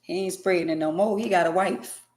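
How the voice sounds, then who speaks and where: A woman's voice: fairly low pitch, fairly even intonation, a little fast, a little mellow, roomy sound. A woman ranting in casual commentary, emphatic and profane, hammering her points by repeating them. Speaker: vlogger.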